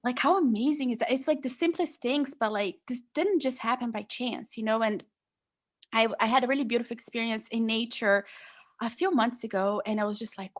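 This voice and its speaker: A young woman speaks as a podcast guest in a fairly high voice. She tells her story in an earnest, rambling way, leaning on "like" and "you know". The tone is casual and conversational. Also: brisk.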